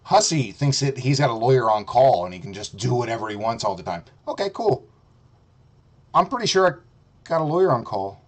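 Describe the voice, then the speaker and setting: A man's voice: mid-range voice, lively intonation, brisk. A man streaming a profane, mocking rant, heated and sarcastic. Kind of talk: ranting commentary.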